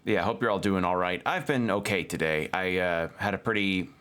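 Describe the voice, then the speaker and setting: A man's voice: low voice, moderate pace, fairly bright tone, clean tone. A man streaming a video game, chatting casually and rambling through a story recap with a toothpick in his mouth. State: talking around a toothpick. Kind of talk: casual gameplay commentary.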